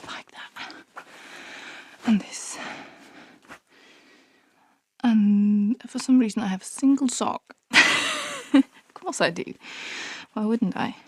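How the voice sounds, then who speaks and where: Breathy, slow-talking sick young woman. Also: medium pitch, warm tone, no room sound. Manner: breathy, half-whispered, sighing between tasks. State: sick with flu, panting and sniffly. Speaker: vlogger. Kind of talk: casual rambling vlog talk. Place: bedroom at home.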